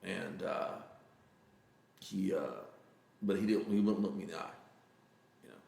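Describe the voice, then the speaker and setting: A Texan man talks in a low, gravelly voice, earnest and halting, with plenty of fillers. The room behind him is echoey and a little hollow. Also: steady tone, darkish tone. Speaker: interview guest. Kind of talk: casual storytelling interview.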